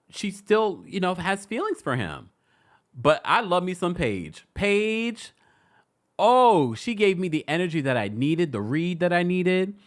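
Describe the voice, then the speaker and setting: A woman hosting a live-stream celebrity gossip recap, hoarse, chatty and laughing often, stopping and restarting her sentences. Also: fairly low pitch. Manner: animated, laughing, self-interrupting.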